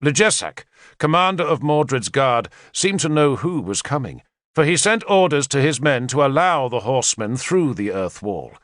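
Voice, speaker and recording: Expressive male audiobook narrator. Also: mid-range voice, no echo, studio quality. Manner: measured storytelling with lively intonation. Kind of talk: scripted first-person narration.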